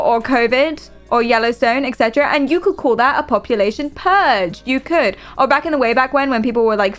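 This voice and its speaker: A British woman streaming, chatting casually in a rambling, giggly and playful way. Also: fairly high pitch. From Britain. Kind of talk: casual live-stream chat.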